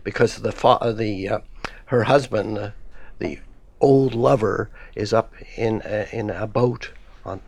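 Gravelly man, halting scholarly talk. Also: lowish voice, slight background noise. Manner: halting, many fillers and restarts. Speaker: guest scholar. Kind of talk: academic discussion.

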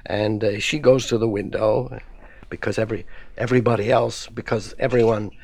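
A man speaking as a guest scholar in a radio discussion, halting, with many fillers and restarts. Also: lowish voice, steady tone, creaky, a little mellow. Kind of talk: academic discussion.

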